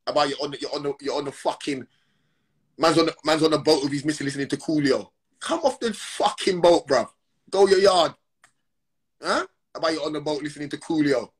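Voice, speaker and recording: Man, husky, slightly high voice, heated slangy rant, repetitive, phone livestream. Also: a little fast. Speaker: Instagram live streamer. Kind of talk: confrontational live-stream rant.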